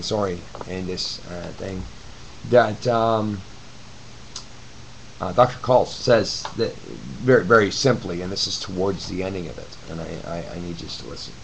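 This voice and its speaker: A man's voice: fairly low pitch, unhurried, gravelly, slight background noise, rough recording. A man giving a blunt, profane, rambling webcam rant to his viewers from his apartment. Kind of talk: ranting webcam video reply. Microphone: camcorder mic.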